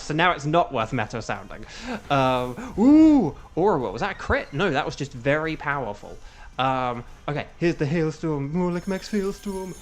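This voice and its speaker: Casting: young male streamer, slightly higher voice, rambling game-strategy chatter, playful puns. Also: a bit bright. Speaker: streamer and voice actor. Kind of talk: casual gameplay commentary with chat.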